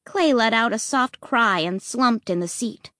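A woman narrating a children's story in an expressive, measured way. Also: fairly high pitch, no room sound, studio quality.

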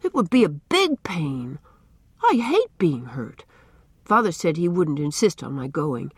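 A woman's voice: low voice, sing-song, a little slow, slightly rough, no room sound, studio quality, exaggerated voice. A woman voicing a sensitive, dreamy young boy who hates pain, earnest and pleading.

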